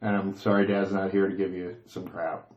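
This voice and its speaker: A man speaking dry and matter-of-fact, his pitch low and flat. The sound is muffled and echoes around the room. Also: moderate pace. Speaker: brother-in-law. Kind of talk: birthday video message. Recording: roomy, dull-sounding room.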